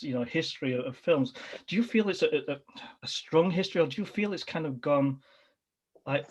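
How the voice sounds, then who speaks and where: Rambling male podcast host, dull lo-fi sound. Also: a little high. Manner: rambling, restarts often, laughs easily. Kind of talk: casual interview chat. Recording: dull lo-fi recording.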